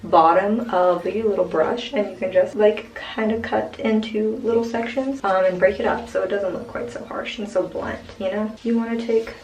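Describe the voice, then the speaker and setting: A woman's voice: medium pitch, steady tone, moderate pace, hardly any pauses, darkish tone. A young woman casually explaining how she dyes her own hair, rambling with many fillers. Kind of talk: casual home tutorial. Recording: echoey room from far off.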